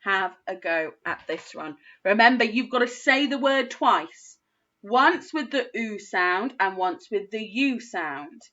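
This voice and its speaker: A woman teaching a phonics lesson to young children, sounding out words slowly and praising often. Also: medium pitch, animated, bright, forceful tone, dull audio. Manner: slow, sing-song sounding out of words, encouraging. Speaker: primary school phonics teacher.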